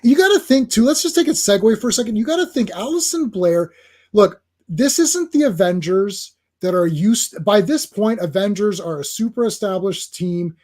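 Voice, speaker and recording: High-voiced excitable male comic reviewer. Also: normal speed. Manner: excitable, rambling with fillers and restarts. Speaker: comic book reviewer host. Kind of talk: casual comic review chat.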